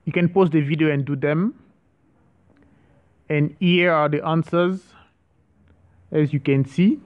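A man teaches French at an unhurried, deliberate pace, saying each word twice so learners can follow. His voice sits a little high, and he stumbles and restarts now and then. The audio is slightly dull and lo-fi. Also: steady tone. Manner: hesitant, with frequent restarts. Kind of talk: online language lesson.

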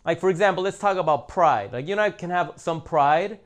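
Talking straight to his viewers, a man hosting his own channel delivers a casual monologue in a voice on the high side, expressive and a little fast. He's blunt and emphatic, repeating his points for stress.

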